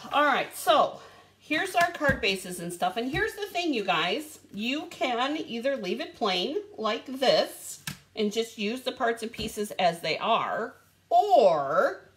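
A bubbly woman chats through a casual live stream, calling out viewers by name. Her voice sits a little high and swings widely up and down, and she talks at an easy, slow pace. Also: a little hiss or hum. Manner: lively rising and falling pitch. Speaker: live stream host showing craft supplies.

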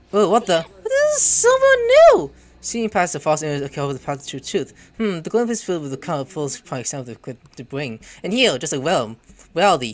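A man giving excitable let's-play commentary, exclaiming and muttering reactions as he plays. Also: a little high. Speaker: gameplay streamer.

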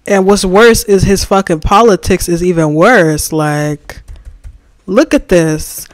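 A livestreamer chatting casually while designing, slangy and animated, reading and answering the chat and ranting about opinions. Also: mid-range voice, unhurried, no echo.

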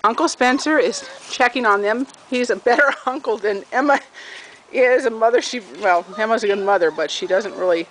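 A woman's voice: on the high side, moderate pace. A woman filming puppies in a dog run and narrating a home video, switching into sing-song baby talk when she speaks to them. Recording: home video with loud background noise. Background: puppies whining and barking.

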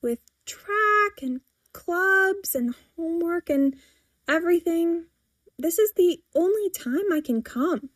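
A woman's voice: dark tone, no room sound, clean studio sound. Woman playing a pleading teenage girl. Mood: earnest. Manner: pleading, higher and slower than the narration. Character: anxious teenage girl, timid but stubborn.

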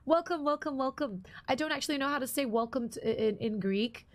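While live-streaming a game, a young woman casually talks with her viewers and says hello to them by name. She speaks briskly in a high-pitched voice that is partly lost and a little strained.

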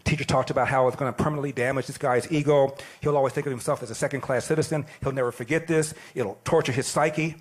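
A man in his sixties giving an animated, plain-spoken storytelling speech. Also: medium pitch, fast, few pauses, husky. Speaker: speaker at an event.

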